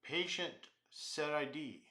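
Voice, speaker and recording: Slow-talking man thinking aloud while coding. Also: on the high side, pushed and bright, echoey room. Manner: thinks aloud, mutters and jokes at his errors. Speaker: programming instructor. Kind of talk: live coding walkthrough.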